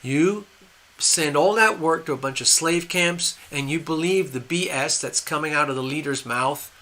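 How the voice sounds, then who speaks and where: A man's voice: a little high, normal speed, bright, forceful tone. An older man hosting a live stream, giving opinionated, rambling commentary with frequent restarts. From USA. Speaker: host.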